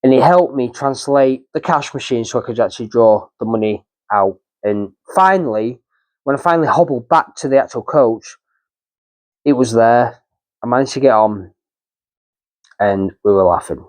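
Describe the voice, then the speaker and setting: A man's voice: mid-range voice, normal speed, no room sound. A man in his thirties, a travel vlogger, telling a story casually and with indignation, repeating himself as he goes. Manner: animated, indignant retelling with repeated phrases.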